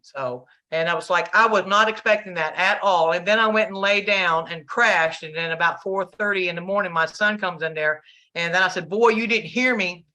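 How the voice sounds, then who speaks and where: A woman's voice: fairly low pitch, moderate pace, pushed and bright. A middle-aged woman with a Southern US accent, telling a story in casual chat and acting out the dialogue. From American South. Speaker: channel host.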